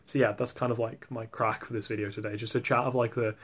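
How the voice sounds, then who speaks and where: A man's voice: medium pitch, level tone, fast, a bit bright. Man, young adult, English accent, casual vlog chat, rambling, filler-heavy. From England. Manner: rambling, filler-heavy, "like" in nearly every phrase. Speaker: vlogger.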